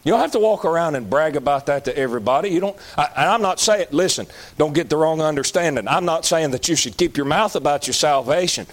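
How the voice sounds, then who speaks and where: A Southern man preaching with a folksy, emphatic delivery. His voice sits fairly high and swings widely in pitch, and he rises to a shout at times. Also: animated, fast talker, few pauses. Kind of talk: sermon.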